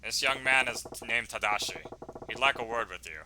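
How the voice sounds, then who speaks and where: A man voicing a gruff, calm, hulking yakuza who speaks low and steady in a game playthrough. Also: moderate pace, background noise, natural voice.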